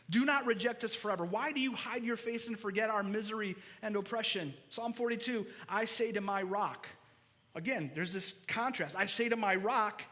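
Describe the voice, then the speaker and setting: A high, bright-toned man delivering a sermon from the front of a church hall. He preaches earnestly, often repeating a word as he drives a point home. His voice rings with a long hall reverb around it. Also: normal speed. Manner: earnest, preacherly, repeats words when emphasizing. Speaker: pastor.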